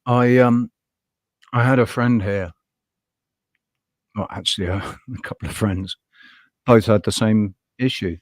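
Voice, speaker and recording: A man's voice: lowish voice, no echo. A man hosting a livestream, talking casually in a rambling, passionate way, his voice rising when he gets heated. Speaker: live show host.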